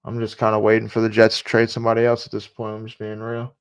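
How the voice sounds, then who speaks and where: A man's voice: on the low side, monotone, fast, clear, resonant tone. A man casually talking through a live sports stream, repeating himself and muttering asides. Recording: dull lo-fi stream audio.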